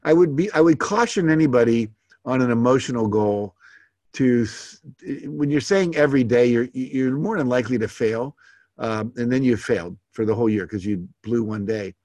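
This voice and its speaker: A man leads a live goal-setting workshop, reading participants' goals aloud and commenting on each in a relaxed, conversational style with lots of fillers. His voice is mid-range at a moderate pace, with no room sound.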